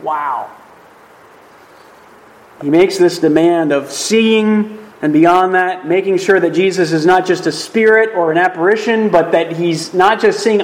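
A man's voice: sits high, a little slow, poor audio. A man teaching through a Bible passage in a video, emphatic and conversational, often checking in with "right?".

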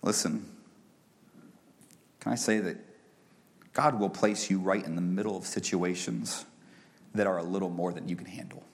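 A man in his thirties preaching a sermon who builds to loud, high peaks and then drops to a soft, hushed voice. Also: steady tone, moderate pace, pauses often. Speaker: pastor.

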